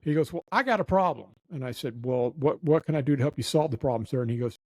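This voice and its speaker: A man's voice: mid-range voice, fast talker, mellow, no room sound, poor audio. A man telling a long story in casual chat, acting out the people he quotes. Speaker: nightclub manager telling stories.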